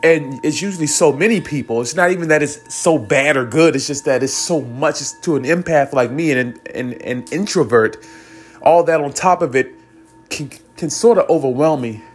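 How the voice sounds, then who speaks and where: Over soft background music, a young man with a fairly high voice speaks at normal speed about a spiritual experience in his vlog. He tells it earnestly yet ramblingly, restarting often and becoming tearful at points.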